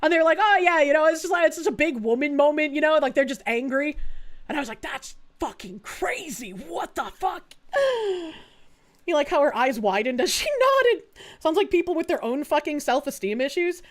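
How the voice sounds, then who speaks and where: Young woman streamer, high voice, foul-mouthed, animated casual chat, laughs a lot. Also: fast. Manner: swears a lot, laughs often, animated storytelling. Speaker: VTuber streamer.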